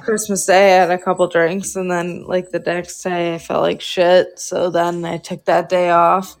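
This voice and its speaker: A woman's voice: fairly low pitch, flat delivery, unhurried. A woman recovering from the flu, chatting casually and telling a story full of fillers. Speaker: guest. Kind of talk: casual chat.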